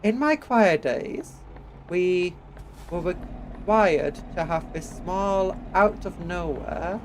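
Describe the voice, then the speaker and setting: A high, light-voiced man with an English accent talks casually through a gameplay stream, a little sniffly from hay fever. He chats to his viewers and hums bits of tune between remarks. The rumble of truck engines from the game sits clearly behind him. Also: lively intonation, slow pace, low-quality recording. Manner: chatty, reads chat aloud, hums little tunes while driving.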